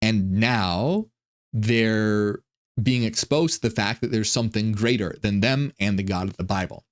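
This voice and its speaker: A man giving casual, irreverent commentary on ancient texts, animated and full of stumbling restarts. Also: lowish voice, a little slow. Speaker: online religion commentator.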